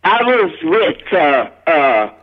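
A woman's voice: low-pitched, very animated, takes it slowly, narrow, tinny audio. An older woman, a guest actress and singer, telling stories from her career in a folksy, country-spoken way. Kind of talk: casual storytelling interview.

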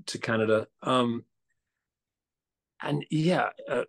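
Male guest, gravelly, mid-pitched, mixed part-Australian accent, animated and stammering. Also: slow. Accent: mixed, partly Australian. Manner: animated, stammering restarts, laughs and mimics voices. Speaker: actor and guest. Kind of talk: casual interview chat.

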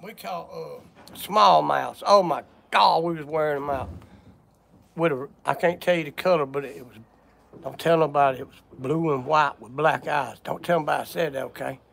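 Gravelly older Southern man, coughing. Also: fairly high pitch, normal speed, fairly bright tone, slight background noise. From Georgia, USA. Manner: folksy, drawling, chatty. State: coughing, sore lungs. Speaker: livestream host. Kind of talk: casual live chat greeting viewers. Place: outdoors on a porch work site.

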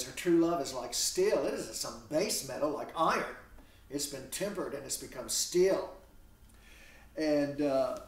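A man lecturing a class on literature, animated and full of rhetorical questions, heard from a distance in a classroom. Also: fairly high pitch. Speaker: literature instructor. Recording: echoey classroom from far off.

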